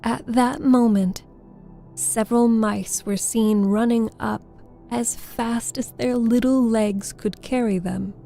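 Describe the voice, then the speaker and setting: A woman narrating a classic children's audiobook in a slow, gentle storytelling way. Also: fairly high pitch, steady tone, creaky, soft background music.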